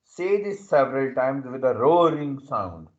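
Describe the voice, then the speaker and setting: Slow, patient male teacher. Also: medium pitch, very animated, lo-fi sound. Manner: repetitive, checks understanding with "okay". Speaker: English teacher. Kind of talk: slow classroom explanation.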